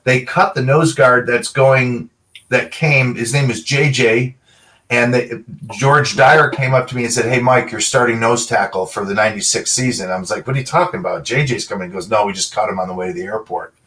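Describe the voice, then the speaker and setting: Man telling animated football stories. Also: medium pitch, brisk, distant mic, low-quality recording. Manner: animated storyteller, quotes people in short dialogue. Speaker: guest, former pro football player. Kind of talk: casual storytelling interview.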